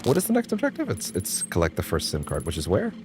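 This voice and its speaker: A man's voice: low-pitched, huge pitch swings, fast talker, very noisy. A man streaming a video game, joking wryly and thinking aloud as he plays. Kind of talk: gameplay commentary. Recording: loud game music and sound behind.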